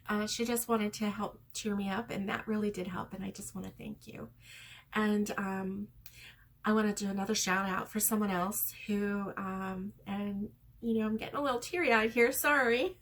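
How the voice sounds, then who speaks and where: A middle-aged woman chatting casually to her viewers as a crochet vlogger, rambling and heartfelt with many pauses and ums. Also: medium pitch.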